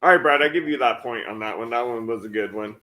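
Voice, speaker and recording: A man's voice: mid-range voice, fast talker, noisy background. A man who is a father, hosting a podcast in crude, joking casual chat. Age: adult father. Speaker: podcast host.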